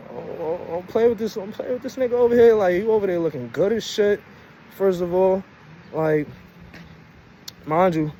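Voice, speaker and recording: A young Brooklyn man tells a story in a slangy, easygoing way, his voice sitting a little high for a man. Loud traffic noise from the street is clear behind him in this outdoor recording. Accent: Brooklyn, New York. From Brooklyn, New York. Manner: loose, slangy, heavy with "you know what I'm saying". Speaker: vlogger. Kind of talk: casual storytelling.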